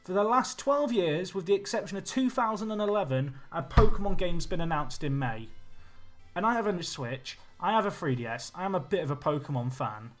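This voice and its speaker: Excitable young Englishman streaming a game, fairly high voice, faint music in the background. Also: a little fast. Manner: chatty, excitable, talks to chat. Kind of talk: live game commentary and chat.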